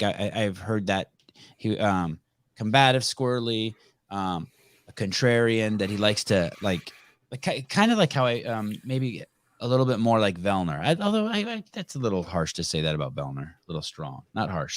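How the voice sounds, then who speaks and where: Casual rambly podcast host guy, kinda low voice, dry sound, joking around. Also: big pitch swings, normal speed, no echo. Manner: rambling, joking, easily sidetracked.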